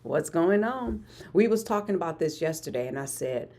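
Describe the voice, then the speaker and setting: Husky-voiced woman in her forties, hyped. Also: lowish voice, normal speed. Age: 40s. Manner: energetic, repeats phrases for emphasis. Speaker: motivational livestream host. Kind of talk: hyped motivational live stream talk.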